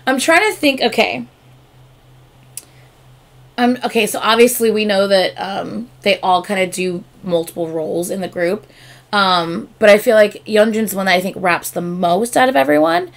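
A woman hosting a reaction video, chatting casually and gushing excitedly with lots of fillers. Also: mid-range voice, normal speed, creaky.

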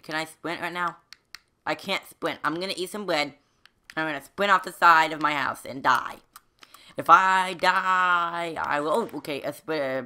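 A chatty woman narrating her own game playthrough, rambling and thinking aloud with sudden yelps. Her voice sits fairly low for a woman but stays bright and edgy. It swoops up and down all the time. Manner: chatty, rambling, talks to herself while playing. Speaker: gaming channel host. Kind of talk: Minecraft let's play commentary.

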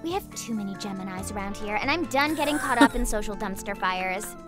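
A woman's voice: mid-range voice, animated, a little fast, lightly acted. A woman voicing a brash, gossipy young female creature in a video game, drawling and sassy. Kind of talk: video game character dialogue. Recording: game audio with music behind.

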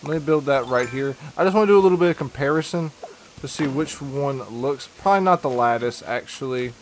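A man's voice: mid-range voice, brisk, slight background noise. A young man chatting casually with his viewers while he plays a game and reads their messages, upbeat and slangy. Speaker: gaming streamer. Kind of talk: casual live-stream chat while playing.

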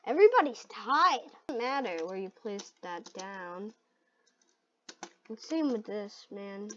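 A high-voiced woman calls out a party game as she plays, her pitch leaping all over as she reacts. She shrieks and laughs at every close call, yet her talk runs unhurried between bursts. The sound comes through a dull, lo-fi mic. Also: big pitch swings. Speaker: gaming video host. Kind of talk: excited gameplay commentary.

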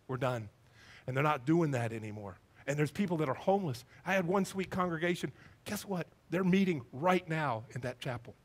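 A man, a pastor preaching a sermon in a church and acting out the people in his stories. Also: a little high. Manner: animated storytelling, acting out voices. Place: church sanctuary.

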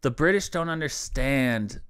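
A man's voice: mid-range voice, expressive, unhurried, fairly bright tone, clean tone. A man with an American accent co-hosting a podcast, joking and laughing often in casual banter. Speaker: podcast co-host.

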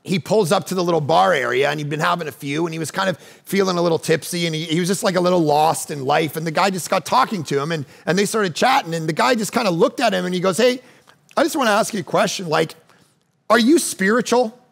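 A man preaching a sermon as pastor, swinging from loud urgent appeals to quiet teaching. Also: a little high, quick pace, creaky, hardly any pauses. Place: church stage.

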